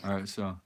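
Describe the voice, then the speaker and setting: A middle-aged man co-hosting a live stream, talking casually and rambling, often trailing off mid-sentence. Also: low voice. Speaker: co-host of a live card-collecting stream.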